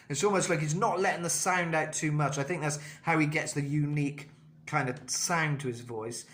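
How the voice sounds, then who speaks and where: A man's voice: a little high, normal speed, fairly bright tone. A man teaching a singing lesson, explaining technique in a thoughtful way with many fillers and restarts. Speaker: vocal coach.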